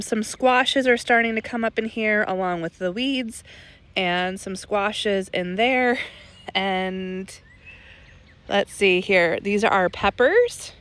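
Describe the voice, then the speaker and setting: A heavily pregnant woman in her thirties, short of breath, chatting casually about her garden while seated outdoors. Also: medium pitch. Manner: relaxed, chatty, laughs lightly. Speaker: garden vlogger. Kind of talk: casual garden update chat. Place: backyard garden, outdoors, seated in a lounge chair.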